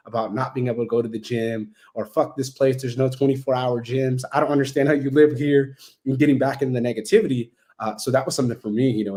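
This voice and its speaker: A man rattling along quickly as a podcast guest. He talks in a blunt, animated way, swears freely, and slips into the voices of others as he retells conversations. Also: mid-range voice. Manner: heavy swearing, blunt and animated, acts out quoted exchanges.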